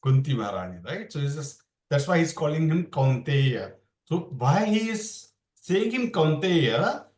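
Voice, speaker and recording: Guy explaining scripture in a casual class, voice a bit high, rambling with restarts, sounds roomy. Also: very animated, a little slow, darkish tone. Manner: rambling, restarts, mixes English with Hindi. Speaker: Bhagavad Gita class teacher. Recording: roomy sound, far from the mic.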